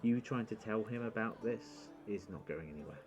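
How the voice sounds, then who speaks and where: Low-voiced male game master. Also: fairly quick, dull audio, music in the background. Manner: relaxed, hesitant, many fillers. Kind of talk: narrating a tabletop game.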